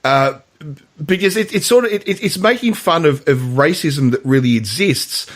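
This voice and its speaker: A man's voice: fairly high pitch, animated, normal speed. A man co-hosting a podcast, chatting casually about films, rambling with many restarts and stammered repeats, laughing often. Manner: laughs often, mimics film lines in a raised voice. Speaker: podcast co-host. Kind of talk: casual film chat.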